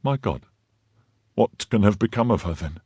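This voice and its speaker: A man's voice: lowish voice, lively intonation, normal speed, warm tone, slightly rough, no echo. A man voicing a timid middle-aged mercer who answers anxiously and deferentially, crying out in alarm when frightened. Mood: nervous deference.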